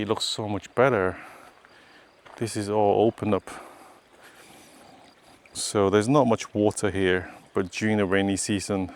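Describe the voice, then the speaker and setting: A man with a voice on the low side vlogs outdoors while walking a rural hillside road, casually narrating and pointing things out to viewers. A little hiss or hum is audible.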